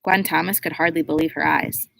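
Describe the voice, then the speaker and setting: A woman narrates a children's novel in a steady, expressive audiobook voice. Her pitch sits fairly low and her reading is even and clear. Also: fairly quick, no room sound, low-quality recording. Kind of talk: scripted storybook narration.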